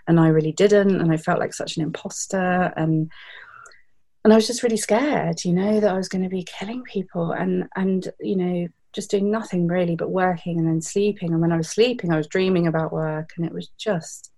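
British woman, 30s, interview guest; warm, darker tone, heartfelt and reflective. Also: fairly low pitch. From Britain. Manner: reflective, heartfelt, with frequent fillers. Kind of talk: candid interview storytelling.

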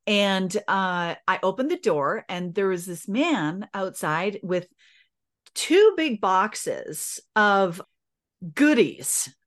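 A middle-aged woman, appearing as a podcast guest, shares a personal story with earnestness and feeling. Her voice is a little high, and she stops and restarts as she speaks.

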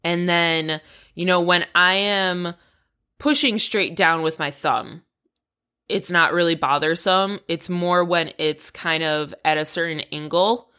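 A woman's voice: lowish voice, steady tone, slow pace, pushed and bright, smooth. A woman hosting a personal podcast, talking frankly and with frustration, swearing often and rambling. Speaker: podcast host. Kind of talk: casual personal training update.

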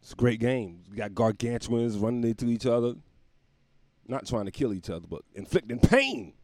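Speaking briskly with fairly even intonation, a man with a medium-pitched, warm voice hosts his own show. He wanders through a laid-back comedy monologue, chuckling at his own jokes, from a home room by the windows, and the recording is dry.

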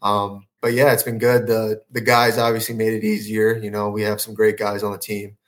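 A man's voice: lowish voice, level tone, moderate pace, fairly bright tone. A man who is a professional soccer goalkeeper, answering in a laid-back, casual way on a podcast. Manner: laid-back, lots of "you know" fillers.

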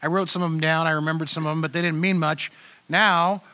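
High-voiced older male pastor, conversational. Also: fairly even intonation, bright, forceful tone. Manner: conversational, halting with many restarts. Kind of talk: sermon.

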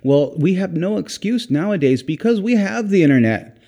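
A man's voice: high-pitched, lively intonation, normal speed, creaky, dark tone. A man giving an informal, earnest sermon, rambling and repeating himself, dropping in "praise God.". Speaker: preacher.

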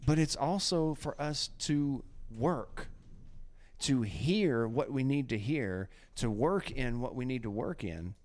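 A podcast host leads a casual faith show in a slow, mid-range voice. He's animated and preachy, often acting out quotes.

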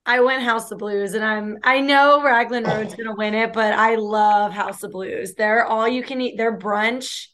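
A woman's voice: a little high, steady tone, unhurried, few pauses, fairly bright tone, slight background noise. A woman in a casual podcast chat, enthusiastic and emphatic.

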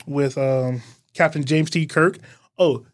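A man's voice: on the high side, slow. A man co-hosting a podcast, teasing his co-host and arguing fan trivia in casual chat.

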